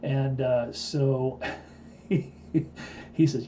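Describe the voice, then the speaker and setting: A man's voice: medium pitch, fairly even intonation, slow, warm tone, a little hiss or hum. A man in his fifties hosting a live stream, telling a story in a blunt, boastful way. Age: 50s. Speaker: live-stream host and trading teacher.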